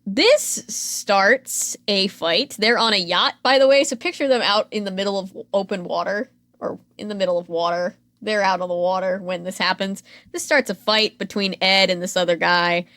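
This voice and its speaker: A woman's voice: mid-range voice, normal speed, hardly any pauses, fairly bright tone, dry recording. A woman co-hosting a podcast, recapping a reality show in a chatty, sarcastic way with frequent fillers. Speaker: podcast co-host.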